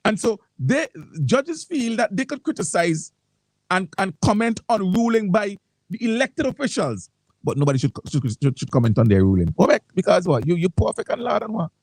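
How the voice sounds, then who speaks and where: A man's voice: high-pitched, big pitch swings, normal speed, a little mellow, dry recording, low-quality recording. A man with a Vincentian accent hosting a morning talk radio show, reading posts aloud and commenting with frequent repeated words.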